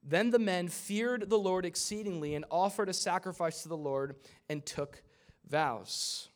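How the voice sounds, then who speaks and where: A man preaching a sermon, retelling a scripture story in a casual way with asides and quick character voices. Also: high voice. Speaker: pastor.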